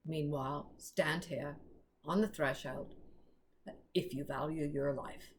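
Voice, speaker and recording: A woman's voice: low-pitched, steady tone, takes it slowly, a little hiss or hum, voice pushed down. A woman voicing a huge, menacing male wolf with a growling voice in a storybook reading.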